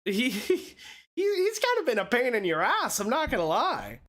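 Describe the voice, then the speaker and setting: A woman's voice: a little high, wildly swooping pitch, moderate pace. A woman streamer giving casual, laughing, profane commentary while playing a story game.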